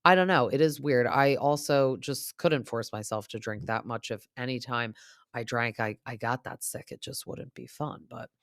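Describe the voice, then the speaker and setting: A woman's voice: rumbling low, moderate pace, no echo, studio quality. A young adult woman hosting a podcast, chatting casually and rambling with lots of fillers. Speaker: podcast host. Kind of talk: casual recap chat.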